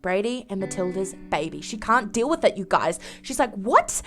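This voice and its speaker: A woman who makes game videos, narrating a life-sim game storyline in an animated, dramatic way. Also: mid-range voice, a little fast, soft background music. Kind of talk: story narration over gameplay.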